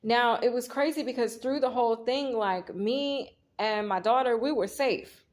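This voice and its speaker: A woman with a somewhat high, slightly slow voice reads tarot cards while casually telling a story, wandering off on tangents, talking straight to viewers and quoting herself as she retells scenes.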